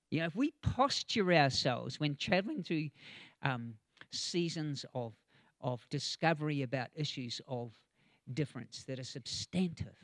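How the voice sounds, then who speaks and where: A man's voice: a little high, expressive, measured pace, a bit bright, dry recording, studio quality. A man preaching a conversational sermon, with chatty asides, chuckles and frequent ums.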